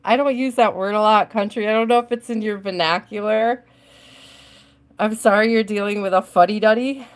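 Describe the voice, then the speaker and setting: A woman's voice: mid-range voice, fairly even intonation, moderate pace. A woman hosts a live tarot reading in a loose, chatty way, laughing often and breaking off to greet viewers by name. Her voice sits in an ordinary middle range, and she talks like she's chatting with friends. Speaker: tarot reader hosting a live stream. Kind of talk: casual live-stream chat.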